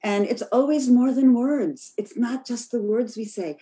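A woman's voice: fairly high pitch, a little slow, warm tone. A woman co-leading an online workshop, explaining how emotions come across in speech. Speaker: workshop co-facilitator. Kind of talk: explaining in a video call workshop. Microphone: video call.

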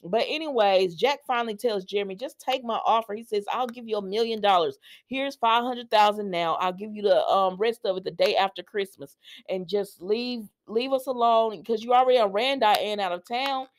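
A woman's voice: medium pitch, normal speed. A woman in casual, chatty talk, recapping a soap opera episode for her viewers and reacting with laughs and asides. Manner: chatty and animated, laughing and talking to viewers as "y'all".

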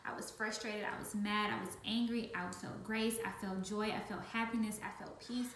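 A woman's voice: medium pitch, steady tone, moderate pace, a bit bright, slight background noise. Emphatic woman in an echoey room. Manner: emphatic, repeats phrases for stress. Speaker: team leader in business. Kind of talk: casual faith-based vlog talk.

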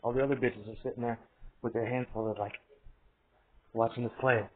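A man's voice: mid-range voice, flat delivery, brisk. A man rambling in a profane monologue, laughing often and trailing off mid-thought. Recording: tinny phone-like audio, faint hiss.

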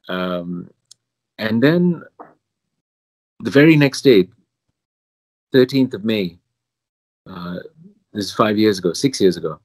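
Priest w a kinda posh british accent, lowish voice, dry close sound, chuckles at himself, rambles a bit. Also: male voice, dry recording. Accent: British, somewhat posh. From Singapore. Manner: self-deprecating, chuckles often, meandering. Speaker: priest, pilgrimage chaplain. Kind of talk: interview guest, storytelling.

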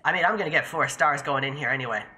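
A young adult streamer with a bright, forceful, mid-range voice speaks rapid-fire while playing a game live. The commentary is casual and profane, addressed to themselves and to viewers in chat.

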